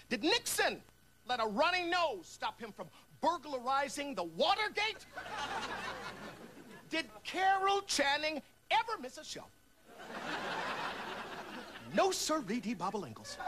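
A man's voice: high-pitched, background noise. An actor playing a brash, self-important male Secret Service agent who talks in blustery bursts. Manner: boastful, fast bursts of bluster.

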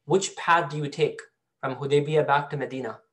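A man's voice: on the high side, steady tone, normal speed, fairly bright tone. A male teacher giving a storytelling Quran lesson to a class, often asking students questions. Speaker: Islamic studies teacher.

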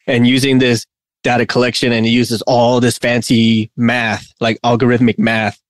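A man's voice: mid-range voice, little pitch movement, normal speed, no room sound. Giggly man chatting on a podcast, dry sound. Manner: laughs often, rambling with restarts. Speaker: podcast co-host. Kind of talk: casual podcast chat.

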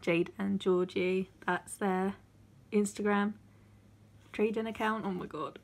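A woman vlogger opening her mail in a casual unboxing video, excitable and gushing, often gasping and squealing. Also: medium pitch, measured pace, vocal fry, a little hiss or hum.

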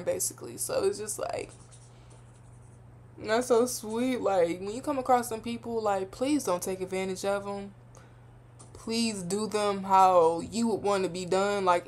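Chatty young woman reacting casually. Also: mid-range voice. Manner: chatty, heartfelt, slangy, rambling. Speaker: reaction video host.

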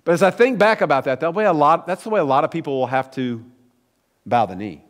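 Animated preaching pastor in reverberant church. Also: male voice, fairly high pitch, quick pace. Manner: animated, conversational storytelling with rising emphatic peaks. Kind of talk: sermon. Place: church sanctuary. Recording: long church hall reverb.

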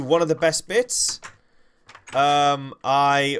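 A man's voice: on the high side, little pitch movement, extremely slow, slight background noise. A young man, hosting a game livestream with rambling, self-correcting, jokey commentary. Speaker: gaming livestream host.

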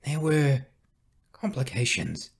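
A man's voice: mid-range voice, sing-song, takes it slowly, creaky, pitched above the performer's own voice, heavily acted. A man narrating an audiobook, voicing a determined young rebel woman who gives urgent commands. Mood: tense. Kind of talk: audiobook character voice.

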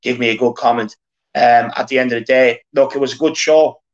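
A man's voice: mid-range voice, fairly even intonation, a little fast. An Irish man around thirty hosting a football fan show, talking earnestly and repeating himself as he rallies the fans. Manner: earnest, repetitive, rallying the fans. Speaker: fan channel host. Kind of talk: casual football rant. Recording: dull lo-fi audio.

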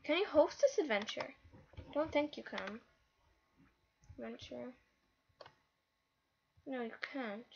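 A female host giving live gameplay commentary, excitable and easily frustrated, with lots of exclamations. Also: sits high, slow pace, gravelly, pauses often, muffled recording, slight background noise. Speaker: gaming channel host.

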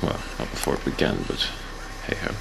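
A man's voice: brisk, a bit bright, a little hiss or hum. A man hosting a let's play, rambling jokily and mocking himself as he plays. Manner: rambling, self-mocking, jokey. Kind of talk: casual gameplay commentary.

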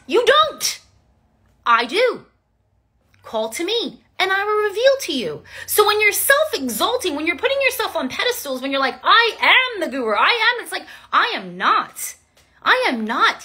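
Young adult woman, informal devotional teacher; high, animated delivery, emphatic and repetitive. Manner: emphatic and repetitive, declaring phrases again and again. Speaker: Christian teacher.

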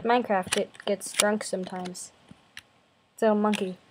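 A young woman hosting a gaming video chats over her gameplay from her bedroom, her medium-pitched voice fairly even and at a normal speed. She has a cold with a slight cough, and her commentary is jumpy and self-deprecating, recorded against a noisy background.

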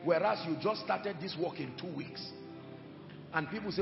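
A man preaching a sermon with emphatic delivery, moving between shouted lines and hushed ones. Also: sits high, moderate pace, vocal fry, lo-fi sound. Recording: echoey hall with music behind.

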